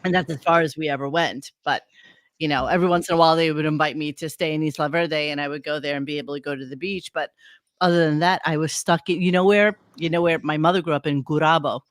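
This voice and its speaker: A woman's voice: low-pitched, steady tone, no echo. A woman from Brooklyn telling stories in a casual online chat over a video call, loose and full of "like"s. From Brooklyn, New York. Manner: chatty storyteller, many "like"s, quick to laugh.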